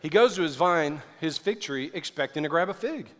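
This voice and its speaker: A man from the American South preaching a sermon, swinging from loud, urgent emphasis to hushed asides. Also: fairly high pitch, expressive, moderate pace. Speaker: pastor. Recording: long reverb of a large hall.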